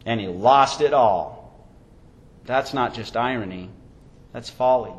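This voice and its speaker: A pastor delivering a sermon and closing prayer, preaching emphatically with sweeping rises and falls. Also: male voice, mid-range voice, slow, pauses often.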